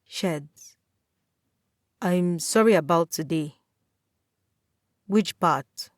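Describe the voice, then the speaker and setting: A woman's voice: on the low side, very slow, dry recording, clean studio sound. Woman doing a sorry little brother. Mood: pleading. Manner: pleading, defensive. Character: apologetic younger brother, young man, clumsy.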